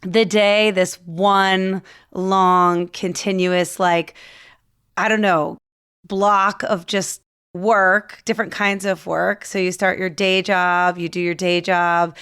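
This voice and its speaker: Woman hosting a podcast, kinda low voice, rambly and laughing at herself, lots of likes and i don't knows. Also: flat delivery, takes it slowly, fairly bright tone, clean tone. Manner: chatty, self-deprecating, lots of fillers. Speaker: podcast host. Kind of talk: casual podcast intro monologue.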